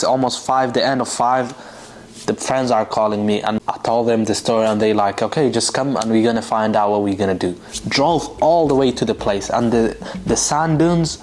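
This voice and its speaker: A man vlogger telling a long, rambling, exasperated story in a casual way, full of fillers and restarts. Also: on the low side.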